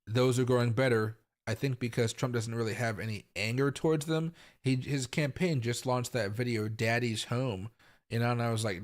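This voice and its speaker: A young adult man from the US Pacific Northwest hosts a live crypto market stream in casual, rambling commentary, full of fillers and repeats, with sudden loud outbursts. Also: medium pitch, fairly even intonation, moderate pace. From Tacoma, Washington, US. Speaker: crypto market livestream host.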